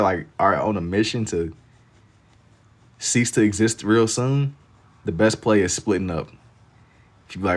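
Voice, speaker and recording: A man's voice: sits low, normal speed. A man chatting casually on a livestream while he draws, reading out viewer comments in a laid-back, slangy way and laughing easily. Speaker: livestreamer drawing on stream.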